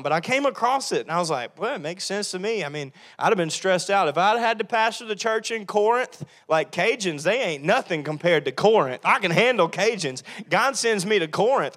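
High-voiced animated pastor. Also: male voice. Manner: animated, acts out Bible figures in funny voices. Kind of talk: sermon. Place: church sanctuary.

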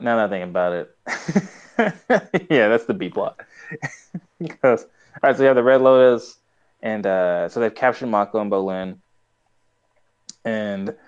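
A man's voice: on the low side, a little mellow, clean tone, dull audio. A man co-hosting a podcast in casual chat, rambling through a show recap with lots of fillers and frequent laughs. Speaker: podcast co-host.

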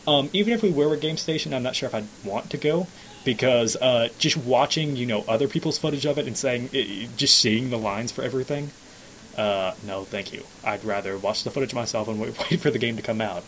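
A young man chats loosely on his own podcast, rambling between laughs and sounding jaded. He has the hiccups, and his pitch sits right in the middle. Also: a little fast, fairly bright tone, slight background noise, poor audio. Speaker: podcast co-host. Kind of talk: casual chat.

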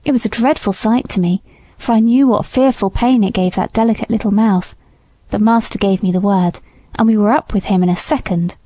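Woman audiobook reader, measured and gentle, mellow tone, dry close sound. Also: medium pitch, no room sound. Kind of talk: scripted narration.

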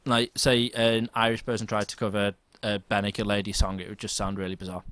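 A man talks quickly and eagerly as he co-hosts a casual podcast. He gushes about the things he loves in a voice of middling pitch. The sound is close and dry. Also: level tone, a bit bright, clean tone, no room sound. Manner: enthusiastic, gushing fan talk. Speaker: podcast co-host.

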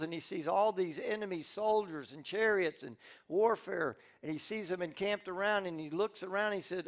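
Male pastor, gravelly, slightly higher voice, animated storytelling sermon. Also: a little fast, few pauses. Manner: animated storytelling, acts out characters' lines; restarts and repeats words often.

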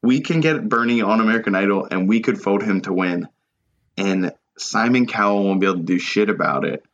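A man's voice: lowish voice, a little fast, a bit bright. Podcast host, male, crude jokey banter, slightly muffled lo-fi sound. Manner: crude, joking, slips into mock voices. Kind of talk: casual comedic chat.

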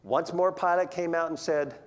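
A preacher teaching through a Bible passage in a relaxed, conversational way, paraphrasing scripture in everyday words and putting questions to the listeners. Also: mid-range voice, moderate pace. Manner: animated, asks the audience questions.

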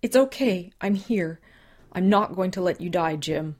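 A woman reading an audiobook voices a panicked young woman trying to save a dying friend, pleading and crying out loudly. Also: fairly low pitch, takes it slowly. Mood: reassuring. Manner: frantic, pleading, breaking into loud cries.

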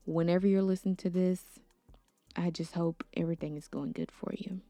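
A woman's voice: lowish voice, fairly even intonation, fairly quick, dark tone, dry recording, faint music behind. A young woman hosting her own podcast, talking earnestly and outspokenly, sometimes stumbling over names. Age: young adult. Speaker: podcast host. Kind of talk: casual solo podcast commentary.

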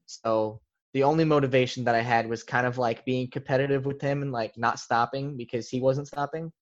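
A man's voice: mid-range voice, steady tone, a little fast, highs cut off. Young man rambling through a story. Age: young adult. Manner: rambling, heavy on filler words. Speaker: podcast guest. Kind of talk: casual storytelling.

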